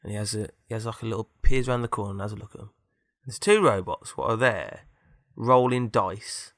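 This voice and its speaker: Bright-voiced chatty man. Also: fairly low pitch, lively intonation, fairly quick, dry recording, clean studio sound. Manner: chatty, meandering. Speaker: podcast co-host. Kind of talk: rambling improvised storytelling.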